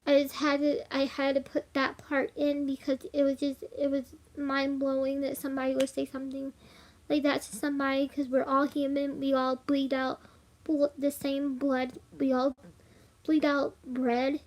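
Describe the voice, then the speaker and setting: A young woman with a twang tells a spooky story straight to her audience. Her voice sits high and bright, and she rambles loosely, with plenty of "like" and little giggles. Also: monotone, normal speed. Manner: rambling, filler-heavy, giggly. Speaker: vlogger. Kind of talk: casual storytelling to camera.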